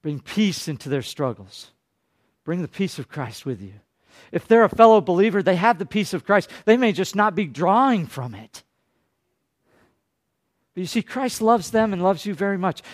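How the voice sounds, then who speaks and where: A high-pitched pastor moves back and forth between loud, pressing declarations and quiet, hushed passages in his sermon, briefly impersonating the people he quotes.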